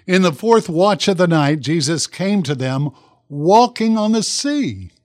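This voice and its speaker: A pastor preaching a sermon, telling a Bible story dramatically and putting questions to the congregation. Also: male voice, high-pitched, lively intonation, a little slow, a little mellow, no room sound, clean studio sound.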